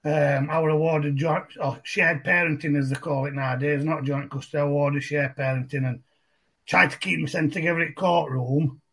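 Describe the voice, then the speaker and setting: A middle-aged man with a broad Barnsley accent tells a personal story to a podcast host. His voice sits a little high for a man and is gravelly and husky. He talks in a chatty, rambling way and often repeats and restarts his phrases. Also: fairly even intonation, moderate pace, a bit bright. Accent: Yorkshire, Barnsley. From England. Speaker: podcast guest. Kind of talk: casual storytelling conversation.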